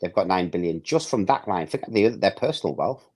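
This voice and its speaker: A man's voice: deep voice, expressive, fairly quick, a little mellow, slightly rough. A man hosting a casual football podcast, talking emphatically and swearing, acting out what others would say. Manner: emphatic, swears, acts out quoted speech. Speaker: podcast host.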